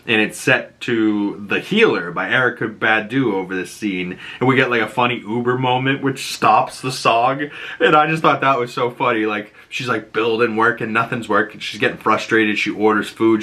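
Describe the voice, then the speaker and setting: Chatty man with a bright voice. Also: fairly low pitch. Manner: rambling, fast, full of "like" and "you know". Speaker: show recapper. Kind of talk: casual recap vlog.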